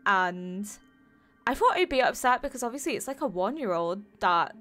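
A woman's voice: medium pitch, sing-song, moderate pace, fairly bright tone, faint music behind. A woman gaming streamer reacting to a game's ending, emotional and rambling, with lots of fillers.

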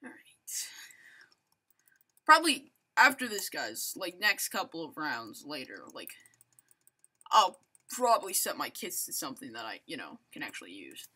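Excitable bright-voiced woman gamer. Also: deep voice, normal speed, pauses often, slightly rough. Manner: excitable, rambling, self-mocking. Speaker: gaming channel host. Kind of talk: live gameplay commentary.

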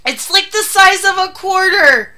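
A woman's voice: very high voice, expressive, a little slow, sharp tone, faint music behind. A woman streaming live, panicking, swearing and laughing in fits.

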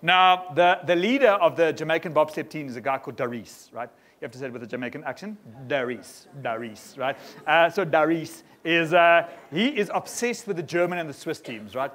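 A man preaches to a church congregation, his voice sitting a little high. He keeps things lively and often asks the room quick questions. Sermon delivery, with the congregation right there in front of him. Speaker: pastor. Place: church hall before a congregation.

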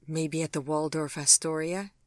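An audiobook reader voicing Gregory, a refined gentleman who speaks softly and tenderly, close to the narrating voice. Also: medium pitch, steady tone, moderate pace, dry recording, voice pushed up, natural voice. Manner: soft, tender and courtly.

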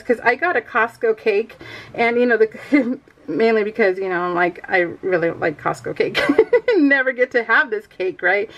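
A woman's voice: medium pitch, poor audio. A middle-aged woman chatting casually while she crafts, rambling and laughing often as she tells a story. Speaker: scrapbooking vlogger.

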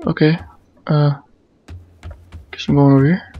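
A man doing let's play commentary, excitable, swearing and yelping when startled. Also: fairly high pitch, a little slow, highs cut off. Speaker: gamer.

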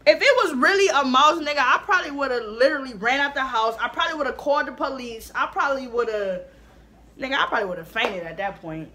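A woman's voice: sits high, fast, pushed and bright. A young woman hosting a prank vlog, talking casually to the camera in a playful, slangy, laughing way. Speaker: vlog host.

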